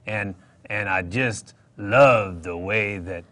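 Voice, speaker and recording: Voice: low voice, takes it slowly, fairly bright tone. Someone doing a lovesick bumbling male bear. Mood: amused.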